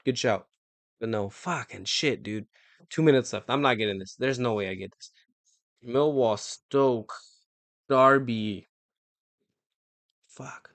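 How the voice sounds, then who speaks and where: A young man talks through a quiz on a live stream at an unhurried pace, mumbling team names and cursing under his breath. His voice sits at an ordinary pitch, recorded close and dry with no room sound. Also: fairly bright tone, no room sound. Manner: muttering to himself, swearing, frustrated outbursts.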